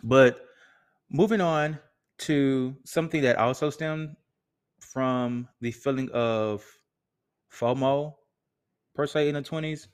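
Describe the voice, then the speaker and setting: A man's voice: mid-range voice, slow pace, long pauses, clean tone. A man hosting a solo podcast in a casual, joking, slangy way. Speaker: podcast host.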